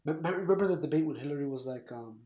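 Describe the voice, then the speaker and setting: A man's voice: on the high side, animated, rapid-fire, dark tone, reverberant. A man of Puerto Rican background co-hosting a casual podcast, giving blunt opinions and acting out what others might say. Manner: blunt, opinionated, talks in quoted asides. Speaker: podcast co-host. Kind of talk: casual political chat.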